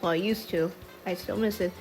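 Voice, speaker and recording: A woman's voice: medium pitch, steady tone, fairly quick, a little mellow. A woman rambling through a casual storytime voice-over in a mid-range voice, swearing freely and chasing side tangents. Her speech catches in small stutters, and faint music plays underneath. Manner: stutters at times. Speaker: storytime vlogger. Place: voice-over over a speedpaint video. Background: faint background music.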